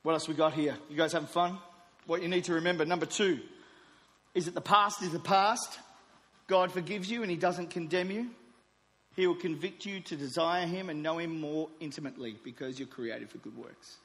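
A man in his forties delivers a sermon. His voice sits a little high, and it moves between emphatic declarations and quieter asides. The sound carries the long reverb of a large hall. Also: fairly quick. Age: 40s. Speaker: preacher.

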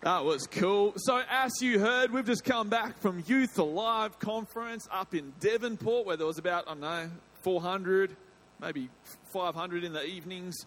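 A man with a high voice leads a church service as its pastor. He talks to the congregation with joking energy and loose, rambling phrasing. His tone is bright and forceful. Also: moderate pace. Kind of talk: sermon, addressing a congregation.

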